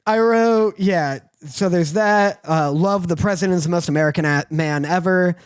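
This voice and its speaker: A man's voice: sits high, normal speed, smooth. A young man co-hosting a podcast, chatting casually, laughing often and reading out his notes. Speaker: podcast co-host. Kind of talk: casual chat.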